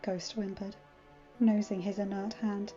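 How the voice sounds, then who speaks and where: Mellow woman reading a story aloud. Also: medium pitch, a little slow, slightly rough. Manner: expressive, dramatic reading. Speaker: fanfiction reader. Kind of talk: scripted narration. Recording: dull lo-fi with faint music.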